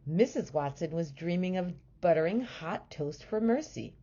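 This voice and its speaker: A woman teacher reading a children's storybook aloud in a gentle, expressive way. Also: on the low side, normal speed, highs cut off.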